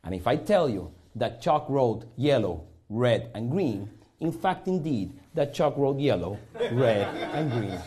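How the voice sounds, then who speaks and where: A man's voice: medium pitch, very animated, unhurried, dark tone, slight background noise. A man from Puerto Rico with a Puerto Rican accent, performing a live magic show on a studio stage and joking theatrically with the audience.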